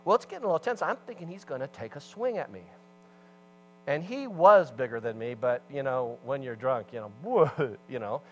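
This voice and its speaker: A man preaching a sermon as pastor, telling a story with animated swings between loud emphasis and hushed asides. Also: medium pitch, normal speed, slight background noise, low-quality recording.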